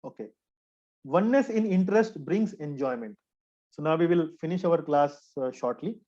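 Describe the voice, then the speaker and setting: A man teaching a scripture class in an earnest, repetitive way, pausing often with hesitant fillers. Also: on the high side, lively intonation, warm tone. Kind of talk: explanatory spiritual lecture. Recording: dull lo-fi recording.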